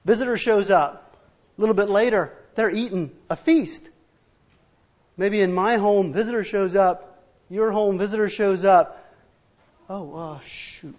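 A male preacher giving a sermon, telling Bible stories, acting out dialogue in different voices and adding humorous asides for the congregation. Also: sits high. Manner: storytelling, acts out biblical and household dialogue in different voices. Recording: dull, muffled recording.

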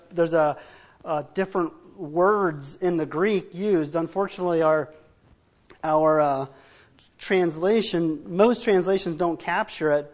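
A man's voice: high voice, dull audio. A man preaching a sermon as pastor, earnest and emphatic, often restarting phrases as he drives a point home.

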